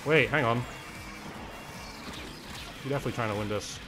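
A man's voice: medium pitch, moderate pace, over music. A young man streaming a video game, chatting casually, reading and answering chat and laughing often.

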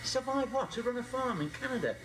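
An actor playing a defensive middle-aged farmer with a Liverpool accent who keeps calling people mate. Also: male voice, very high-pitched, fairly quick. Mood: scoffing. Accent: Liverpool (Scouse). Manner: blustering, animated, calls people mate. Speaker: farmer, cousin of a lookalike. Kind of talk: film acting. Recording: film audio with background noise.

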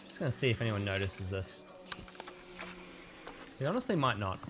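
A man's voice: lowish voice, big pitch swings, normal speed, background noise. A man streaming a game, giving cheeky, scheming commentary with chuckling asides. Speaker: streamer playing a social deduction game. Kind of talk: gameplay commentary.

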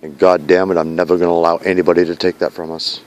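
A man's voice: low-pitched, level tone, fast. A man recording a heartfelt video message to his fiancée outdoors in a snowy park at night, speaking in an earnest, pleading way with repeated vow-like lines. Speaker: vlogger addressing his fiancée.

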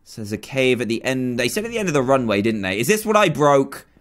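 Excitable man doing gaming commentary. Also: medium pitch, quick pace. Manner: excitable, jokey, thinks aloud while playing. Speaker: gaming youtuber. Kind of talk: casual let's-play commentary.

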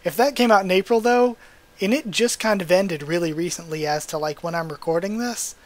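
A man's voice: high voice, brisk, low-quality recording. A man hosting a manga readthrough, reading the dialogue aloud and breaking off for emotional, chatty asides.

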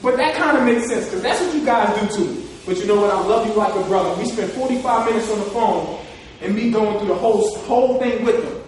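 Brief: high-pitched man from New Jersey, motivational speaker, heard from across an echoey hall. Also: fast, distant mic, a little hiss or hum. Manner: emotional, repetitive, storytelling. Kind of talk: live talk to an audience.

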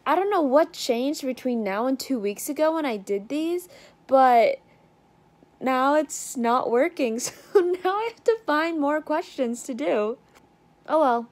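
A woman's voice: high-pitched, expressive, measured pace. A young woman student recording a casual daily video diary, chatty and self-deprecating, often laughing at herself. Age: young adult. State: isolating with coronavirus, no symptoms. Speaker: student vlogger.

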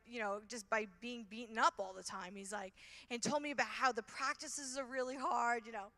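An animated woman telling stories at a conference, full of fillers and quick restarts. Her voice is high and bright. A long reverb trails after her words in a large hall. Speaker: conference speaker. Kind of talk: storytelling conference talk.

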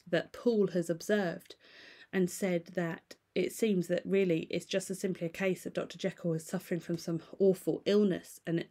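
A woman with a fairly low voice reads a classic novel aloud, stopping now and then to explain what is happening in plain terms. Her delivery is calm and explanatory. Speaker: reader and explainer.

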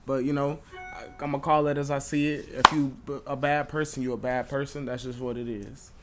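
A man's voice: medium pitch, steady tone, a little fast, very noisy. A young man hosting a reaction video, joking bluntly and swearing in casual commentary. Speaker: YouTube reaction host.

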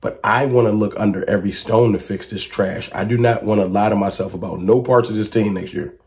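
A man talking straight to camera as a sports fan commentator, with a low, dark tone. He presses his points emphatically and keeps firing rhetorical questions at his listeners. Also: fairly quick. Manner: rises to excited high-pitched exclamations when reacting to clips.

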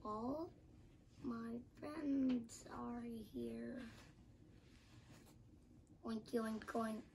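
A woman voicing an excited, cheerful little female pig who talks in bubbly exclamations. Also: fairly high pitch, very slow, gravelly, a little hiss or hum, heavily acted. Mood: delighted.

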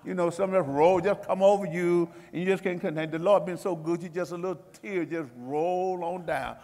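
Pastor, male, high voice, folksy and lively, church reverb. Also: normal speed. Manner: folksy, animated teaching. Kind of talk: Bible study discussion. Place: church sanctuary.

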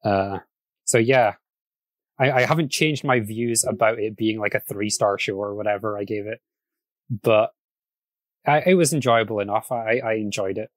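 A man hosting a casual podcast, chatty and quick to laugh, often restarting his sentences. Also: lowish voice, no room sound. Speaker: podcast host.

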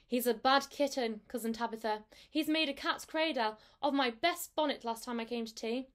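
A woman voicing a brisk, no-nonsense neighbour cat in a storybook, firm and matter-of-fact. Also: a little high, natural voice.

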